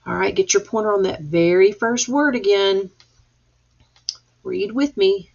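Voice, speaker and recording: A woman's voice: mid-range voice, lively intonation, slow, vocal fry, husky. A woman teacher leading a reading lesson for young children, patiently sounding out letters and words. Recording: dull lo-fi recording.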